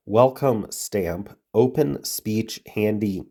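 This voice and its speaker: Working through word puzzles with a head cold, this male video host mutters to himself, reads words aloud, and lets his thoughts trail off. His voice is on the low side, mellow and animated, and he takes it slowly.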